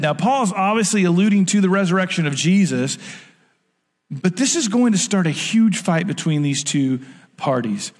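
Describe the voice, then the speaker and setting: A pastor preaches in a casual, conversational way and slips into the voices of the people he quotes. His voice sits slightly high for a man. Long reverb hangs on every phrase, as in a large sanctuary. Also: expressive, moderate pace. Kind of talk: sermon.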